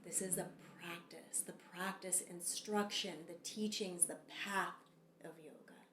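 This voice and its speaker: A woman teaching a yoga sutra lesson, speaking calmly and measured, leading chants. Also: on the low side, reverberant, slight background noise. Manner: calm, slow and measured, with long drawn-out chants. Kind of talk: Sanskrit sutra lesson with call-and-response chanting.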